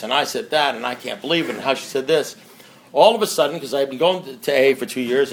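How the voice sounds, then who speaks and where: A man's voice: sits high, fairly bright tone. A man sharing a story with a recovery meeting, rambling and self-mocking, with many asides to the listeners. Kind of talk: storytelling share to a meeting audience.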